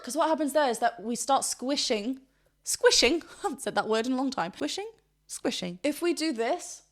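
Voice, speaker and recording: A woman vocal coach with a slightly high voice explains singing technique in a reaction video. She breaks off now and then to demonstrate with loud sung yelps.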